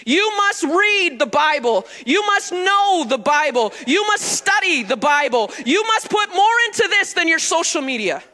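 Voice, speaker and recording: Woman pastor, very high and sharply bright voice, emphatic call-and-response sermon in church. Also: big pitch swings, a little slow, few pauses. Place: church sanctuary.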